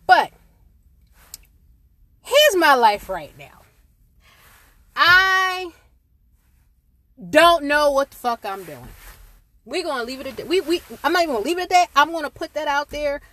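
A woman's voice: high voice, normal speed, pauses often, no room sound. Exasperated middle-aged woman venting. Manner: exasperated, swears constantly, animated rants. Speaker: podcast host. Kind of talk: profane solo venting monologue. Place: parked car in a park. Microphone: phone or built-in mic, no proper microphone.

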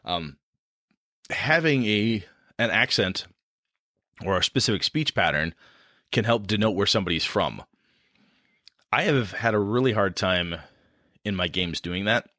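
A man's voice: lowish voice, lively intonation, a little slow, long pauses, bright, forceful tone, no room sound, clean studio sound. A man with a Midwestern American accent hosting a casual podcast chat about running tabletop games, rambling with restarts. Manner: rambling, restarts, frequent laughs. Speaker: podcast host and game master.

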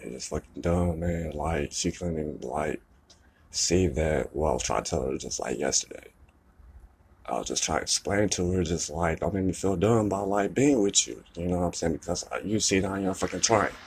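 A deep, husky young man pours out his hurt in a rambling monologue. He swears freely and keeps circling back to the same phrases. He sounds upset and close to tears throughout. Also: normal speed, darkish tone. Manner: rambling, profane, repeats "you know what I'm saying". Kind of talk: emotional venting monologue.

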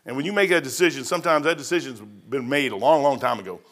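A man's voice: medium pitch, fast, fairly bright tone. A man preaching a sermon as pastor. He talks in a folksy, conversational way, repeats his phrases and often says "man".

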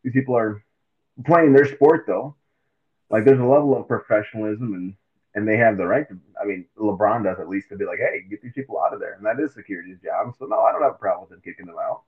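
A man co-hosting a casual sports chat, animated and acting out quotes in silly voices. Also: on the low side, fast. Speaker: podcast co-host. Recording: tinny phone-like mic.

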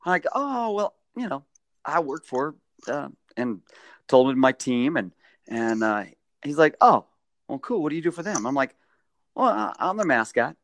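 Chatty man with a lively pitch. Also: moderate pace, no echo. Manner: chatty, animated storyteller. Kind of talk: casual storytelling chat.

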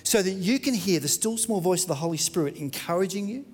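High-voiced preacher in an echoing hall. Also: male voice, lively intonation, quick pace, breathy edge. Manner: dramatic, swinging from loud to hushed. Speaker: pastor. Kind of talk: sermon.

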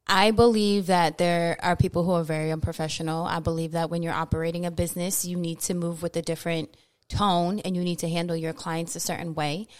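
A woman co-hosting a podcast, giving her view in a measured, somewhat hesitant way. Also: on the low side, level tone. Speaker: podcast co-host. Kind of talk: casual chat.

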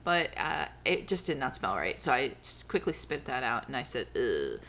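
A woman's voice: rumbling low, animated, moderate pace, pushed and bright. A woman co-hosting a casual podcast at home, giving dry, teasing replies. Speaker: podcast co-host. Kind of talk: casual chat. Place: home living room.

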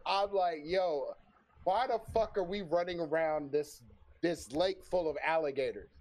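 A young adult man telling a story in a casual chat, swearing freely, animated, and often breaking into laughter. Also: a little high, unhurried. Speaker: podcast guest telling a story.

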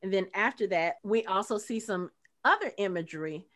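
A middle-aged woman talks through a film in a casual podcast chat. She is blunt and animated, swears without a second thought, and keeps her voice at an ordinary middle pitch. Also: normal speed. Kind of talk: casual movie review chat.

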